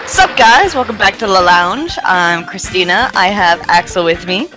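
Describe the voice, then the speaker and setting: A woman hosting a casual panel chat, relaxed and playful, laughing often. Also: medium pitch, normal speed, music in the background, rough recording. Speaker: host.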